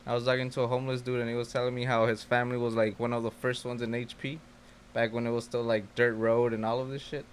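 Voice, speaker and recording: Flat-voiced laid-back man. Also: medium pitch, quick pace, a little hiss or hum. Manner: laid-back slangy talk. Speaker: podcast co-host. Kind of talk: casual chat.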